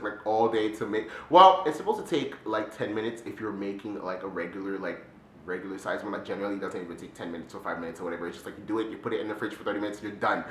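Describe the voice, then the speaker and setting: A man chatting excitedly in a casual DIY vlog, full of fillers and exclamations. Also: on the low side, echoey room, slight background noise. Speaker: DIY candy vlogger.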